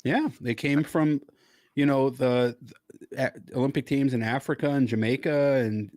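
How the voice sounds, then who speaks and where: A man's voice: fairly even intonation, moderate pace, a little mellow, dry recording, clean studio sound. A man co-hosting a podcast, telling a story in a loose, playful, riffing way. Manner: playful, riffing, breaks into silly high voices. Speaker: podcast co-host. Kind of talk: casual chat.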